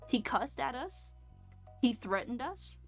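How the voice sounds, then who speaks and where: A fairly high-voiced woman in her twenties rambles through a story in a relaxed stream chat. She is blunt and sarcastic and swears without a second thought, and soft music plays quietly behind her. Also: slow pace. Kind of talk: casual storytelling while gaming. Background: faint background music.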